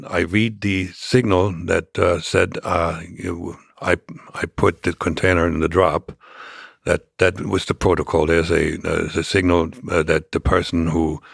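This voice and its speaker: An older man, a podcast guest, telling a long story in a halting way with many restarts. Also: deep voice, creaky, dry recording, studio quality. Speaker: interview guest.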